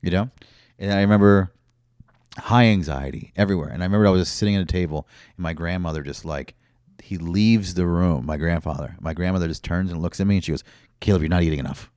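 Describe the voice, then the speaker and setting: Deep-voiced, profane Brooklyn storyteller. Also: male voice, fast, darkish tone, clear, resonant tone, no echo, studio quality. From Brooklyn, New York. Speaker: comedian guest. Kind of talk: casual podcast chat.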